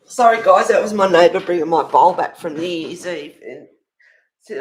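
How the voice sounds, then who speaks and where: A woman's voice: lowish voice, normal speed, pauses often, shouting. A woman hosting a casual livestream from home, rambling through gossipy neighbour stories and laughing often. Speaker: colouring livestream host.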